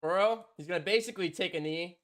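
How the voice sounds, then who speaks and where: A man doing live fan play-by-play on a stream. He swings from loud, shouted excitement to soft, stunned murmuring, with frequent laughter. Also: sits high, fast. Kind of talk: live fan reaction commentary.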